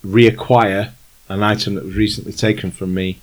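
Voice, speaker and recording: A man's voice: on the low side, little pitch movement, moderate pace, natural voice, low-quality recording. A man voicing a tall, thin, very old male fixer in a tabletop game, speaking formally and courteously with a put-on German-ish accent. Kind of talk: tabletop role-play voicing.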